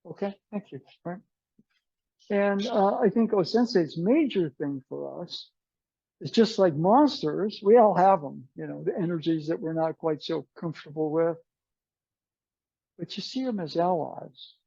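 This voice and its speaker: A man leads a martial arts class, wandering from story to story and slipping into the voices of the people he quotes. His voice is dark and mellow, close and dry with little room sound, and the recording has a dull, muffled, lo-fi edge. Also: high-pitched, animated, a little slow, vocal fry, breathy edge, no echo. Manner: meandering storyteller who acts out dialogue. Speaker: aikido instructor. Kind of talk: informal class talk with anecdotes.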